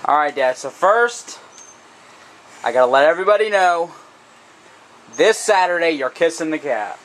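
A man's voice: fairly high pitch, expressive, normal speed, a bit bright. A young man asking his father questions, teasing and reacting with disgust. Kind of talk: casual vlog Q&A. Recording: noisy home recording.

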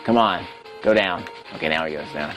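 A let's play host with a lowish voice and a fairly bright tone chats briskly while playing a retro game. He talks to himself and critiques his own play. Soft music sits behind him, and the recording quality is low.

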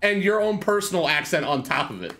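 A man's voice: high-pitched, brisk, faint music behind. A young man streaming, chatting casually with jokes and swearing. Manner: joking, swearing, animated banter. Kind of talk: casual livestream chat.

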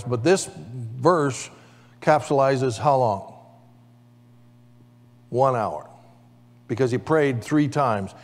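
A man of medium pitch with a slightly mellow voice gives a sermon as pastor in a church sanctuary. He leads call-and-response, asking the congregation for amens, and the space adds long church hall reverb.

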